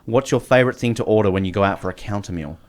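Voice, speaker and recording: An Australian man hosting a podcast, joking and chatting casually. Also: on the low side. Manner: quick, animated, joking. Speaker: podcast host. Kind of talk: casual chat.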